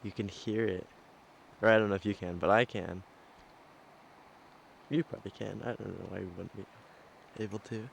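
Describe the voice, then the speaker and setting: A man's voice: fairly low pitch, fairly even intonation, normal speed, gravelly, long pauses, slight background noise, rough recording. A man casually narrating a travel vlog outdoors into a handheld camera, rambling and hesitant with lots of fillers. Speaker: travel vlogger. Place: outdoors on a trail and a scenic overlook. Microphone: handheld camera mic.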